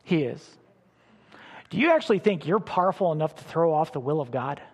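A middle-aged man preaching a sermon as pastor, animated, with sudden loud bursts and soft drops. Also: on the high side, brisk, husky, in a large hall.

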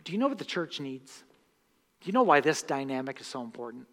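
A man preaching a sermon as pastor, impassioned, swinging from hushed words to loud bursts. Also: mid-range voice, very animated, brisk. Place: church sanctuary. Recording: long reverb of a church hall.

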